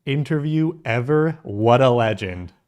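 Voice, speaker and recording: A man co-hosting a reaction video in casual chat, jokey and quick to laugh. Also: mid-range voice, animated, a little mellow. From United States. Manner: chatty, jokey, laughs often. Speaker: reaction channel co-host.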